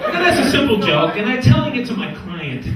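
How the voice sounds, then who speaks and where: New man, stand-up comic, deadpan setups; distant, heavy room reverb. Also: extremely high pitch, fairly quick, over a noisy crowd, heavy background noise. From New York. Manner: wisecracking, deadpan setups with punchlines. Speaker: stand-up comedian. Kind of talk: stand-up comedy set. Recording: echoey room from far off.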